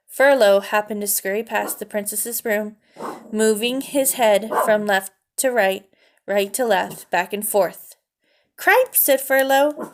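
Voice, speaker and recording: A woman reading a children's novel aloud with an expressive storytelling cadence. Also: mid-range voice. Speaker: narrator.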